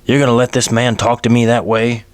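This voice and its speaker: A man's voice: mid-range voice, little pitch movement, a little fast, no echo, pitched above the performer's own voice, natural voice. A man voicing a bigoted, sneering frontier doctor, spitting his words with contempt. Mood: contemptuous.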